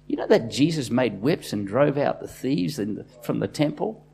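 A man preaches from the pulpit, his voice husky and slightly breathy. He pushes hard on key lines with rising force, then falls back to low, confiding asides, all in a middle register. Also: expressive, moderate pace. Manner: impassioned, swinging from loud bursts to quiet asides. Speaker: pastor. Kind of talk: sermon.

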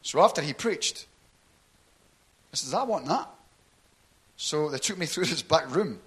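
A man's voice: a little high, expressive, normal speed, fairly bright tone, husky. A middle-aged man, telling his conversion story in a sermon and often checking in with "right?". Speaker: preacher giving testimony. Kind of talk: sermon testimony.

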